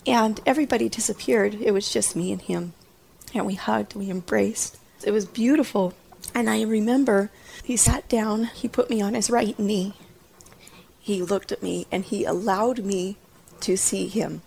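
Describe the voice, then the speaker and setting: A woman earnestly recounting a deeply personal experience, often dropping into a hushed whisper. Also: moderate pace, vocal fry, a little hiss or hum. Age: adult mother. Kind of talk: personal testimony.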